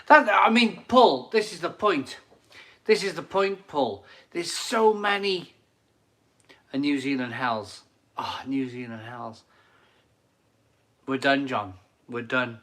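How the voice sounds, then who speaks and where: A man's voice: medium pitch, takes it slowly, pauses often, fairly bright tone. A middle-aged man casually chatting on a live stream from his home kitchen, enthusiastic and rambling, repeating his phrases as he reads out viewer comments.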